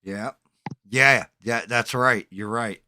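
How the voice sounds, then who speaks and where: A man hosting a stream, chatting casually and telling animated stories while imitating his friends. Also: mid-range voice, takes it slowly, clean tone. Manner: animated storyteller, mimics others' voices. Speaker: stream host. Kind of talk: casual chat.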